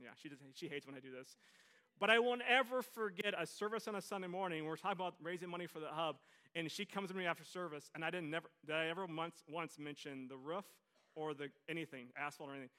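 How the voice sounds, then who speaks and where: A man's voice: fairly high pitch, fast talker, pushed and bright, smooth. A middle-aged male pastor preaching a conversational sermon to his congregation, joking with them as he goes. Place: church service before a congregation.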